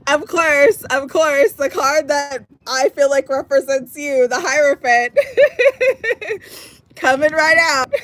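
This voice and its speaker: Slow, emotional woman tarot reader. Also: high-pitched, a little hiss or hum. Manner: emotional, effusive, gets teary. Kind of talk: live-stream tarot reading.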